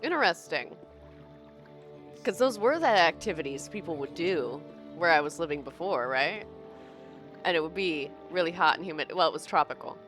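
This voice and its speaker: A woman's voice: low-pitched, animated, normal speed, a bit bright, soft background music. A young American woman streaming a game, chatting casually with her viewers and laughing often. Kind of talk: casual live-stream chat while playing.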